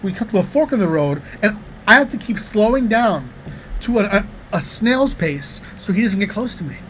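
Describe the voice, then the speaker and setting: A man in his thirties co-hosting a comedy podcast, telling rambling, profane anecdotes in a casual, animated way. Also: high-pitched, moderate pace, slight background noise. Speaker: podcast co-host.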